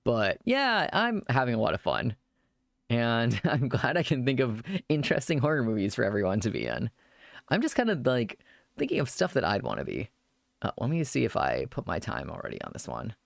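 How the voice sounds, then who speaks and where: A man's voice: medium pitch, wildly swooping pitch, a little fast, creaky, no echo, studio quality. A man chatting casually on a live stream, rambling at length and thanking viewers as they follow.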